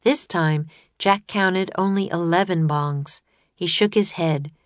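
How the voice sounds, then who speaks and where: Audiobook narrator, woman, low-ish voice, steady storytelling, close and dry. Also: takes it slowly, no echo.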